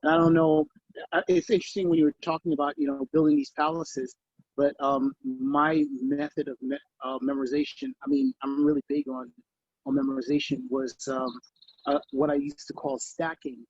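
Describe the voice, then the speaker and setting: A man in the audience sharing his own method in an earnest, halting way, heard over muffled video call audio. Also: fairly high pitch, lively intonation, gravelly, a little mellow, no room sound. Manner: earnest, halting, repeats himself. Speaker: audience member. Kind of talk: casual question-time comment.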